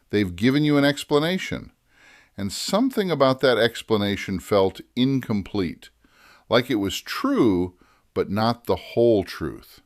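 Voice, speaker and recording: A man narrating a scripted writing lesson, deliberate and measured, slowing down to stress key phrases. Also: on the low side, no room sound, studio quality. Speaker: writing teacher.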